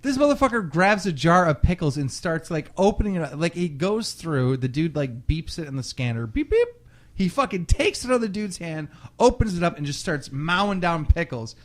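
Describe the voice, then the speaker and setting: Animated young man telling a story. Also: on the high side, normal speed, few pauses. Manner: animated, profane, acts out quotes. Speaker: podcast host. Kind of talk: casual storytelling chat.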